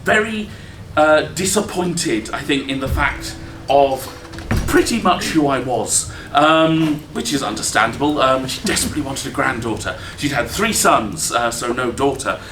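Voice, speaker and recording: A man's voice: mid-range voice, animated, a little slow, hardly any pauses. A man on a live comedy stage, rambling through a self-deprecating story with many ums. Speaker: improv comedy performer. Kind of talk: comic storytelling monologue. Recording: echoey room with background noise.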